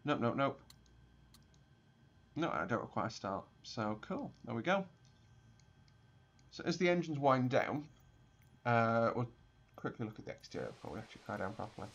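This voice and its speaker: Talking his way through a flight simulator session, a young streamer rambles and explains, laughing and restarting frequently. He speaks at normal speed with a medium pitch that's very animated, a bit creaky and slightly rough, leaving long pauses.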